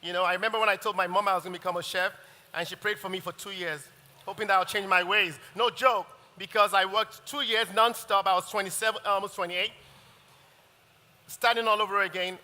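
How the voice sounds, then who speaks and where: Brief: man, middle-aged chef, high bright voice, chatty demo patter, echoey hall. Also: steady tone, a little fast. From Nigeria. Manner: chatty, laughing, restarts sentences. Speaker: chef giving a cooking demonstration. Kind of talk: live cooking masterclass. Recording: reverberant event hall.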